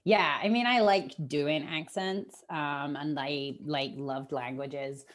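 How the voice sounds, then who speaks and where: A woman's voice: low-pitched, takes it slowly. A woman in her thirties from the UK with a mixed British and Australian accent, chatting as an interview guest and laughing often. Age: 30s. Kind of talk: casual interview chat.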